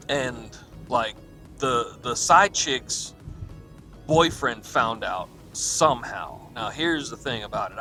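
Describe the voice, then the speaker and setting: A man's voice: mid-range voice, bright, forceful tone. A man hosting a podcast, retelling a coworker's story in a casual, profane, laughing way with quoted back-and-forth. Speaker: podcast host.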